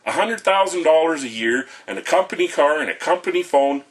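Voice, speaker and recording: A man's voice: on the high side, animated, brisk. A middle-aged man, delivering an angry, profane rant to camera in a blunt, lecturing way.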